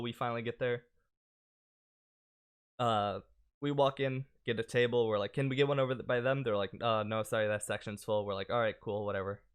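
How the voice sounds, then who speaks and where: A man's voice: mid-range voice, clean tone. A young man telling a long, rambling story on a podcast in a laid-back, casual way, with lots of fillers. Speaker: podcast host.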